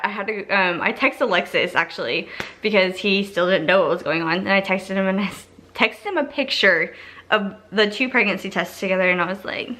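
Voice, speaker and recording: Young woman chatting through a storytime vlog, bright voice, lots of "like"s. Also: mid-range voice. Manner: chatty, many "like" fillers, acts out quotes. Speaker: vlogger.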